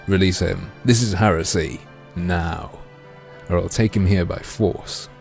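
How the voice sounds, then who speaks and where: A man voicing a brash teenage girl heroine, speaking loudly and bluntly with indignation. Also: low voice, measured pace, gravelly, soft background music. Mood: indignant. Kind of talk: game dialogue read-aloud.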